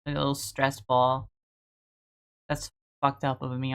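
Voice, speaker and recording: A woman's voice: a bass voice, level tone, a little slow, clear, resonant tone. A woman streaming her art, chatting casually with a joking, profane, self-mocking manner.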